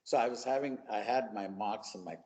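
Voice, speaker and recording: A man's voice: on the low side, fairly quick, long reverb tail. A man from Chennai with an Indian English accent, telling his life story as a guest speaker and briefly acting out the people he quotes. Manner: animated storyteller who briefly acts out the voices he quotes. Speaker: guest speaker at a mentoring webinar. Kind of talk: personal storytelling.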